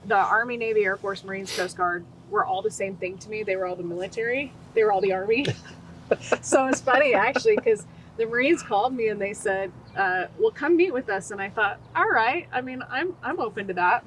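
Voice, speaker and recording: A woman's voice: medium pitch, brisk, a little hiss or hum, rough recording. A woman in her forties from Utah, a podcast guest telling her life story and acting out the quoted voices. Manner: animated, acts out quoted voices. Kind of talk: storytelling interview.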